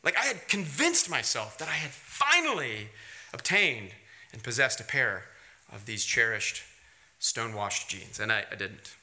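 A man preaching a sermon, hitting key words in high emphatic bursts, then easing into quiet, wry storytelling. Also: big pitch swings, unhurried. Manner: drops to quiet, wry storytelling with light laughs. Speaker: pastor.

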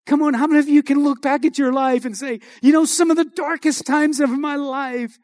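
A man's voice: extremely high pitch, fairly even intonation, fairly quick, a little mellow, no echo, clean studio sound. A man preaching a sermon as a pastor, building to rousing, exhorting emphasis.

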